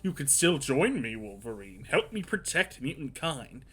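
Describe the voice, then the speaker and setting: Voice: mid-range voice, sing-song, normal speed, fairly bright tone, husky. Brief: streamer voicing an imperious mutant overlord, solemn and commanding. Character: grand commanding male mutant villain.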